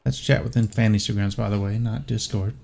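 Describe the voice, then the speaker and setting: A man's voice: on the low side, fairly even intonation, brisk, gravelly, warm tone. A man narrating as game master of an online tabletop game, rambling and hesitant.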